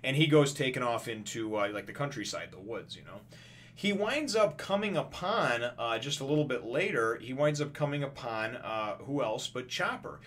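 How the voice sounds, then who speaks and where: A man's voice: mid-range voice, animated, moderate pace, a bit bright. A man casually recapping a comic chapter, rambling with many fillers and restarts and acting out characters' lines. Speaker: comic reviewer.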